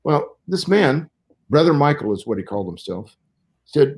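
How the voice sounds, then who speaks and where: A man's voice: a little high, sing-song, moderate pace, darkish tone. A man in his sixties from Southern California, a Bible scholar guesting on an interview show, explaining things carefully and step by step, like a lecture.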